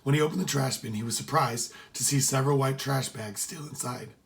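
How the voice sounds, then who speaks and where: A man narrating an adventure story aloud in a steady, expressive way. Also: mid-range voice, fairly quick, creaky.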